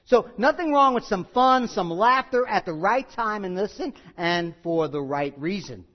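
A man's voice: sits high, lively intonation, measured pace, big-room sound, muffled recording. A man preaching a sermon, earnest, with small jokes and asides to the congregation. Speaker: pastor.

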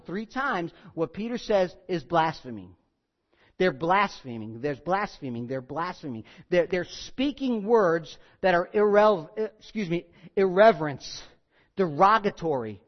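A man's voice: high-pitched, lo-fi sound. A man preaching a sermon, reading scripture with rising force and dropping into wry asides.

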